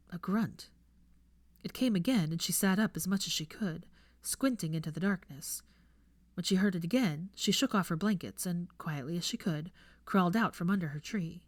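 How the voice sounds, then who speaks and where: Hushed, measured woman narrator. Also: fairly low pitch, no echo. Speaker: fan fiction reader. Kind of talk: audiobook narration.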